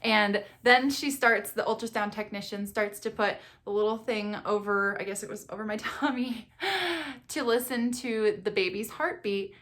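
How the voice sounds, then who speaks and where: A young adult woman vlogging about being a mother of twins, telling her story in a chatty, expressive way and laughing often. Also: mid-range voice, moderate pace. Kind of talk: casual vlog storytelling.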